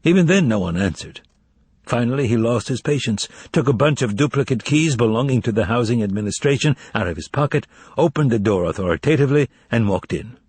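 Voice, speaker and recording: A man narrates a novel with a lively, theatrical delivery. His husky voice ranges widely in pitch. The recording is dry and close, with no room sound. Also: brisk, dry recording. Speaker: audiobook reader.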